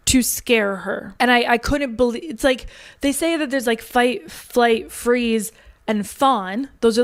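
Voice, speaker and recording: A woman telling a frightening personal story with an intense, snarky edge. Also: a little high. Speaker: guest recounting a story. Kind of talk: candid storytelling.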